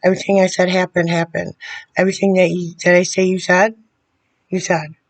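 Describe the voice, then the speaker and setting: A woman speaking straight to the camera in a video letter, bitter and confrontational, often halting and restarting her sentences. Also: lowish voice, little pitch movement. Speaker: vlogger addressing a public figure.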